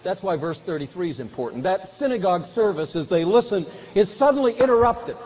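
A man's voice: high-pitched, lively intonation, brisk, few pauses, darkish tone. A man preaching a sermon with earnest, emphatic delivery that swells at key points. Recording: dull recording with faint hiss.

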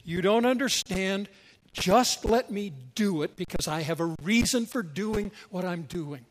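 A man voicing a calm, patient male teacher who reassures gently but firmly, in his own fairly high voice. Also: unhurried. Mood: gentle firm.

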